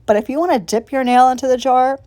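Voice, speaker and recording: Speaking quickly in a high voice with a dark tone, a nail vlogger records her tutorial voiceover separately from the video, with no room sound. She's chatty and casual, gushing over the work and swearing lightly as she explains each step.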